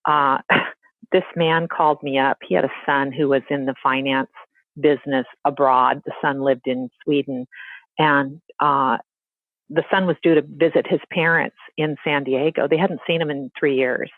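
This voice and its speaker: A woman therapist telling a story in a casual, animated way, acting out the people she quotes. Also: low voice, normal speed, no echo. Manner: animated, acts out quoted voices. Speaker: therapist and guest. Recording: tinny phone-like line.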